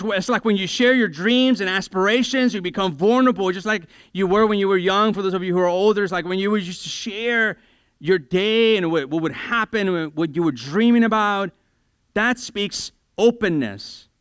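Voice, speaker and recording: A man preaching a sermon in church, lively and joking, acting out everyday conversations in quick voices. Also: high-pitched, smooth, no room sound, clean studio sound. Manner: animated, acts out conversations in quick voices, self-deprecating humor. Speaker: pastor.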